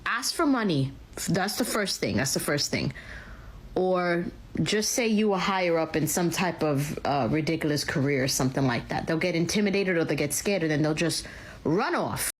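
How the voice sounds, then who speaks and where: A woman's voice: deep voice, moderate pace. A woman telling a story to her followers in a smug, boastful way. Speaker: social media poster. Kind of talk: casual storytelling to camera.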